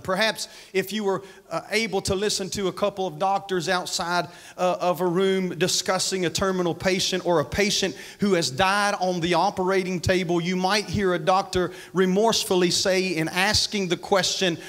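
Pastor guy preaching hard, highish voice, repeats himself, keeps calling out to the church. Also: fairly even intonation, normal speed, few pauses, fairly bright tone. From United States. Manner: fervent preaching, repeats phrases and calls to the congregation. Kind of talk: sermon. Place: church sanctuary.

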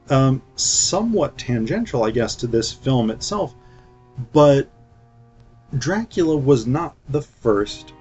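A man's voice: medium pitch, darkish tone. A man giving casual film commentary in a flippant, chatty way, with lots of fillers. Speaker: film reviewer. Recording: dull lo-fi recording with faint music.

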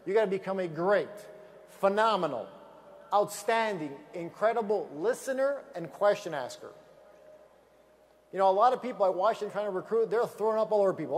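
A man giving an energetic motivational talk on stage with slides, emphatic and repeating key phrases for effect. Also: sits high, brisk, in a large hall. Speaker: business opportunity speaker.

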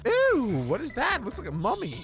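A man chatting while playing a game with friends, goofy and often shouting and cheering. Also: very high voice, huge pitch swings, brisk, over music. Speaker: gaming YouTuber. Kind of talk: playful gaming chat.

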